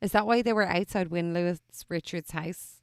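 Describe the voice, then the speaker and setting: A woman co-hosting a casual chat podcast, blunt and quick with wry one-liners. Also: on the low side, clear, resonant tone, dry recording, studio quality. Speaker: podcast co-host.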